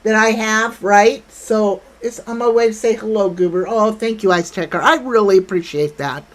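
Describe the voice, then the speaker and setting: A mid-range voice at a moderate pace belongs to an older woman hosting a casual livestream. She is brash and blunt, reading comments and talking with her viewers, and the recording is rough.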